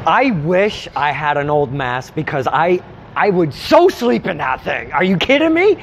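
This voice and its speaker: A man hosts a loose, chatty interview and gets worked up easily, laughing a lot as he talks. His voice swings widely in pitch. Faint traffic noise sits in the background. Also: a little slow. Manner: excitable, laughs often, lively voice. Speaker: interview host, wrestling commentator. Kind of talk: casual interview chat.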